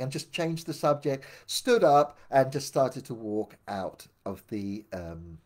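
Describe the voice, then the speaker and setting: An older man telling his memoir aloud, meandering with many restarts and dropping quieter for asides. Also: sing-song, takes it slowly, few pauses. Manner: meandering, full of restarts, drops low for asides. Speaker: memoir narrator. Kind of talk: rambling spoken memoir storytelling.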